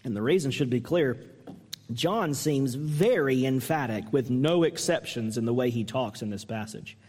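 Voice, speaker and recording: A man preaching a sermon as pastor, earnest and emphatic, asking the listeners pointed questions and climbing high when he mimics a harsh reading. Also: expressive, normal speed, a little mellow, breathy edge, big-room sound.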